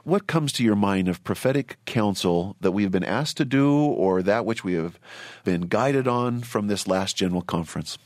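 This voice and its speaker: A middle-aged man hosting a religious panel discussion, speaking earnestly and deliberately, often repeating words as he starts a thought. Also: on the low side, a little mellow, dry recording, studio quality. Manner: earnest, measured, repeats himself. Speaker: host.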